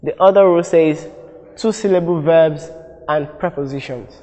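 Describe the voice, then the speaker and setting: With a Nigerian accent, a man teaches an exam-prep lesson deliberately, repeating example words for drilling and correcting himself along the way. His fairly high, warm voice trails off in a long reverb, and the audio quality is poor.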